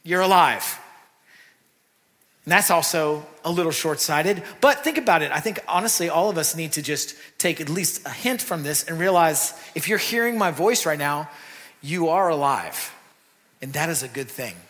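A man preaching a sermon in a church, talking in a lively, conversational way with asides to the congregation. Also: a little high, moderate pace. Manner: animated, conversational preaching with asides and acted quotes. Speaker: pastor. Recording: long reverb of a church hall.

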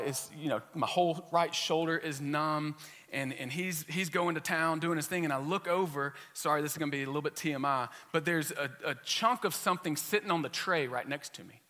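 Bright-voiced man preaching in an echoing church. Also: fairly high pitch. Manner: personal storytelling with humor, frequent restarts. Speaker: pastor. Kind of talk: sermon. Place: church sanctuary.

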